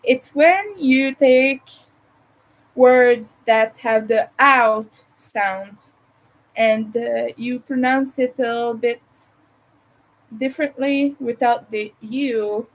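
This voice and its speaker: Speaking slowly in a slightly high voice, this woman from Montreal, Canada, has a Montreal English accent. She runs a relaxed crochet livestream from her home, chatting and rambling as she thinks out loud over her work. The recording is rough.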